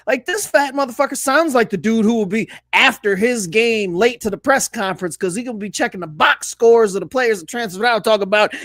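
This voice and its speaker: Podcast co-host, high male voice, dry close sound, fired-up and profane. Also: a little fast, hardly any pauses, fairly bright tone, dry recording. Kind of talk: casual sports podcast rant.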